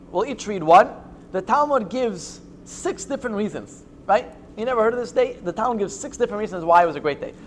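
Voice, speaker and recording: A rabbi teaches a casual class on scripture, his voice pitched high for a man. He speaks haltingly, full of "uh" and "um" and restarts, with a faint hiss of background noise behind him. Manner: halting, many fillers and restarts. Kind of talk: informal Torah class with jokes.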